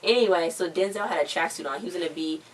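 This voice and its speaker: A woman's voice: lowish voice, fast, recorded from a distance, a little hiss or hum. A woman recapping a TV episode in a casual, slangy, chatty way, often acting out what characters say. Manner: chatty, slangy, acts out quotes. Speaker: show recap vlogger.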